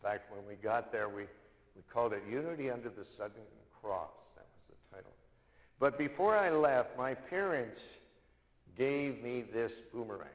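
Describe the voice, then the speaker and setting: An older male minister preaches in an easy storytelling way, repeating his main points for weight. His voice sits at an everyday pitch and carries a long hall reverb around it. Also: lively intonation, moderate pace. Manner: storytelling, repeats key lines for emphasis. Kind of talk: sermon.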